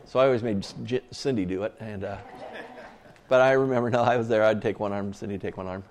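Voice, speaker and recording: A man's voice: on the low side, fairly even intonation, fast, darkish tone, slight background noise. A man preaching a sermon as pastor, earnest and conversational, with casual asides to the congregation.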